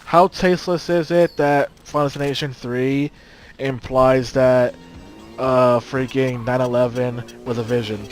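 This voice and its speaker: A man's voice: medium pitch, fairly even intonation, measured pace, soft background music, low-quality recording. A young man making dry, sardonic remarks in casual chat during a gameplay video.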